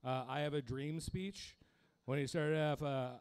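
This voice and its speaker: A man's voice: a little high, measured pace, darkish tone, clean tone. A young man doing a crude, self-deprecating stand-up set, laughing at his own jokes. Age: young adult. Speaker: stand-up comedian.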